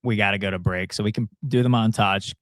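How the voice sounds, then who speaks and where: A man's voice: on the low side, steady tone, fast, dry recording, clean studio sound. Easygoing man on a talk show. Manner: easygoing, enthusiastic. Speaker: producer and co-host. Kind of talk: casual talk-show chat.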